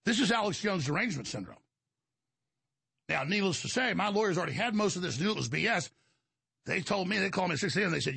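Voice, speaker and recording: A man's voice: sits high, lively intonation, quick pace, vocal fry, long pauses, sharp tone, husky, no room sound. A male show host in an agitated, emphatic monologue, rambling and restarting his sentences. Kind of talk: heated monologue.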